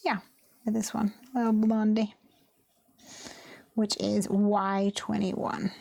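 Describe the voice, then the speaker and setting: Slow and gravelly, her warm mid-range voice barely moves in pitch as she hosts a card making stream. She chats, tells stories and laughs often.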